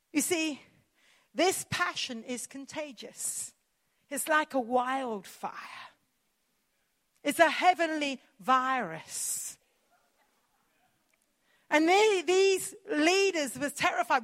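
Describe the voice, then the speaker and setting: Passionate high-voiced woman preacher. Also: slow, a bit bright. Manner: passionate, emphatic preaching with repetition. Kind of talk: sermon.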